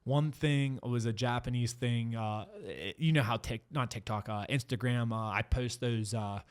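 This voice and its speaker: A man appearing as a guest on a casual podcast, a fighter by trade, with a voice of ordinary pitch. He rambles through his stories, laughing often and swearing freely. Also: normal speed, smooth.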